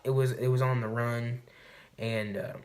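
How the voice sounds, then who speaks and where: A man's voice: medium pitch, little pitch movement, a little slow, darkish tone. A man vlogging to camera, telling a hunting story in a rambling, swearing, casual way. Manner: rambling and profane, recounting a hunt.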